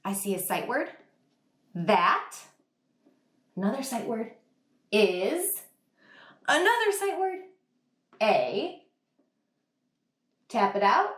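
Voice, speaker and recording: Slow, animated woman teacher, echoey room. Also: sits high. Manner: slow, exaggerated sounding out of words; encouraging, praises the children. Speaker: kindergarten teacher. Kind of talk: online reading lesson for young children.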